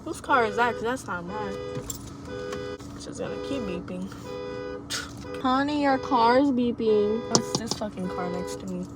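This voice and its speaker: A woman's voice: a little high, measured pace, pauses often, over loud music. A young woman vlogging advice to camera from a parked car, blunt, rambling and profane. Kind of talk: casual monologue to camera.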